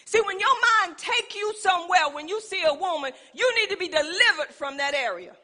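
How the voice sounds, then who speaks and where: A woman preaches with emphatic call-and-response in a church. Her voice sits very high and sounds bright and forceful. A long reverb from the church hall trails behind her words. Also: animated, a little fast. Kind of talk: sermon. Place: church sanctuary.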